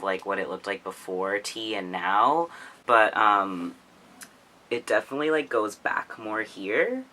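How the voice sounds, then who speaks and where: A man's voice: lowish voice, sharp tone, slight background noise. A young man vlogging about his own experiences in a rambling, casual way, full of "like" and "um". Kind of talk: casual chat.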